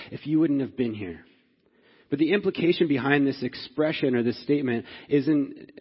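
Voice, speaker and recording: Earnest male pastor, husky voice, long hall reverb. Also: muffled recording. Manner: earnest, repeats "right?" to the congregation; rises in pitch and force when stirred. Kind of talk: sermon.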